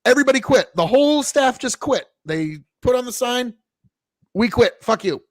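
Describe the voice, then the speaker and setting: A man's voice: very high-pitched, animated, moderate pace, dry recording, clean studio sound. A man from Nebraska hosting a podcast, telling rambling, profanity-laced stories in casual chat. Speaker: podcast host.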